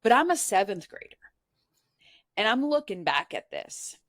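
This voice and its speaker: A woman's voice: mid-range voice, big pitch swings, normal speed, a bit bright, no echo, studio quality. A woman from Nebraska, a podcast guest, tells a personal story in an earnest, candid way and often says "like" as a filler. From Nebraska, USA.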